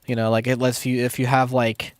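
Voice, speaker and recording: A man's voice: mid-range voice, completely flat delivery, fairly quick, noisy background. A young man who makes music, chatting casually to his stream as he works. He rambles, swears often and mocks himself, restarting his sentences a lot. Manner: rambling, profane and self-mocking, with many restarts. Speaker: music producer streaming to chat. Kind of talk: casual live-stream chat while producing.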